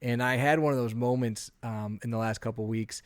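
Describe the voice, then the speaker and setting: A man in his thirties, a podcast co-host telling an animated story in a casual chat, often acting out what he said. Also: mid-range voice, fairly quick, clean tone, no room sound.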